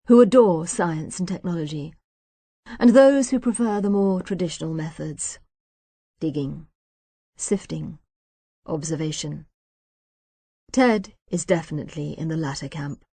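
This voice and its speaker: A woman narrating a novel in measured storytelling, voicing each character herself. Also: on the low side, no echo. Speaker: audiobook narrator. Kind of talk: scripted narration. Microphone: close studio mic.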